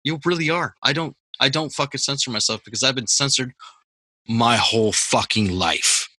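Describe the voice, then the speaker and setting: A man's voice: mid-range voice, moderate pace, bright, forceful tone, breathy edge, no echo. Blunt, hard-cursing podcast host, man. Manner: blunt, emphatic, heavy cursing. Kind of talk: casual podcast chat. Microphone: video call.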